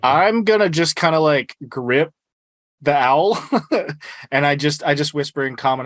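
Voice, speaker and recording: A man's voice: fairly high pitch, measured pace, a bit bright, dry recording. A man playing a tabletop role-playing game, speaking hesitantly with many fillers and quoting his character. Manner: hesitant, filler-heavy speech. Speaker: player.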